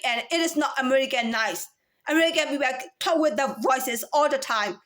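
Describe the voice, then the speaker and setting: In a high, expressive, fairly bright voice at a normal pace, a female voice coach delivers a lecturing monologue. She insistently repeats points and switches voices to show each one.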